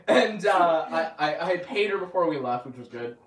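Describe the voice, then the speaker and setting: A man's voice: fairly high pitch, quick pace, few pauses, far from the mic. A young man telling a story in casual chat, laughing often and acting out quoted lines. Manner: excited, laughing storyteller who acts out quotes. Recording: roomy, from off-mic.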